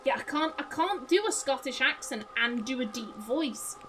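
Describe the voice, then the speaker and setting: A woman's voice: sits high, lively intonation, moderate pace, noisy background. A woman streamer commenting casually on a game as she plays, giggly, chatty, swearing now and then. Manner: giggly, swears, reacts out loud. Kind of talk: let's play commentary.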